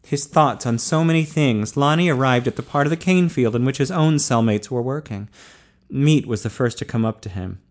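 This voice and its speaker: A man reading an audiobook as narrator, in a steady, measured voice. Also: medium pitch.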